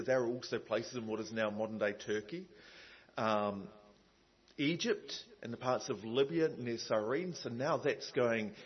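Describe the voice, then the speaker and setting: A man's voice: medium pitch, lo-fi sound. A man preaching a sermon in a conversational way, with many asides and fillers.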